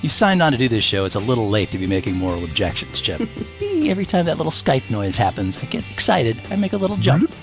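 A man's voice: mid-range voice, huge pitch swings, fast talker, music in the background. Playful man hosting a word game. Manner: playful, joking, laughs often. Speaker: game show host. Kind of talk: comedic podcast game hosting.

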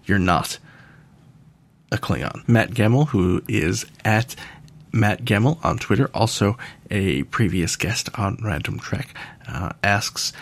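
Podcast host, American man, low gravelly voice, lively delivery, dry jokey asides. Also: slow pace. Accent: General American. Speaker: podcast host answering listener questions. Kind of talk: casual listener Q&A.

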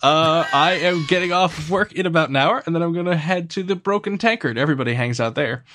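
A man voicing a bored adult male gate guard who answers in short, flat replies. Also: a little high, fast talker, noisy background, pitched above the performer's own voice, natural voice. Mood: friendly.

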